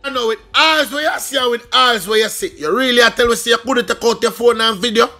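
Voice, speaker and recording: Jamaican guy doing news commentary, high bright voice, rattles along quick. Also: a little hiss or hum. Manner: chatty, lively, talks straight to viewers.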